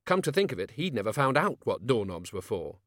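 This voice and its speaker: A man narrating an audiobook with a measured, expressive reading. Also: medium pitch, dry recording, clean studio sound.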